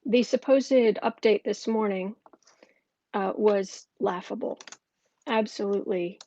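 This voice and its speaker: A woman's voice: medium pitch, takes it slowly, mellow, highs cut off. A woman hosting a live political tarot stream, talking casually from home with lots of fillers and restarts. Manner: chatty, with frequent fillers and restarts. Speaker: political tarot reader and host. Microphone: camera mic.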